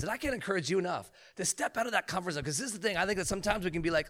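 A man in his thirties telling a humorous testimony story as a preacher, animated and joking. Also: sits high, very fast, few pauses. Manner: animated, joking, acts out quotes.

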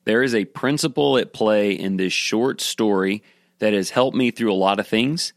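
A man teaching a devotional sermon talk, earnest and measured, telling a story to make his point. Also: lowish voice, no echo, clean studio sound. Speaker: Bible teacher.

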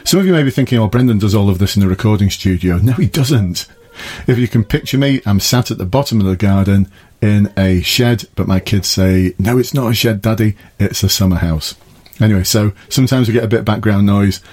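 Chatty ex-police man, lowish voice. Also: a little fast, a little mellow. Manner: chatty, laughs at his own jokes. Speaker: podcast host, former police officer. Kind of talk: casual advice talk. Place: garden summer house.

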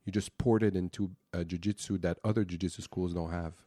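A man hosting a casual interview, relaxed, with joking asides. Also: low-pitched, fairly quick, no room sound, clean studio sound. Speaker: host, interviewer.

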